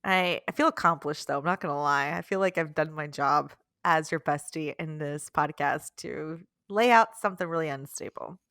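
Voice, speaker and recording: A giggly woman co-hosts a chatty podcast and laughs her way through her own stories. Her voice is bright and forward, and the sound is close and dry with no room around it. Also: deep voice, moderate pace, few pauses, no room sound. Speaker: podcast co-host. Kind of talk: casual chat.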